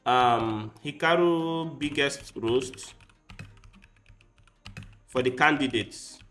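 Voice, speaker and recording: A man's voice: medium pitch, very slow, fairly bright tone. A man chatting casually with his livestream viewers, rambling and speaking straight to them. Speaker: chess streamer. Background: faint background music.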